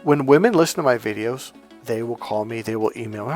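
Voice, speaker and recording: Profane, animated male dating coach. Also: medium pitch, fairly quick, faint music behind. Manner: profane, animated, acts out quoted voices. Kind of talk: casual monologue.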